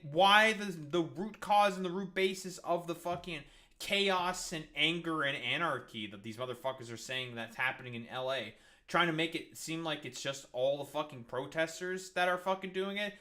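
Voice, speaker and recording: A man's voice: high voice, bright, forceful tone. A man ranting over news clips, angry, profane and sarcastic. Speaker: streamer reacting to news clips.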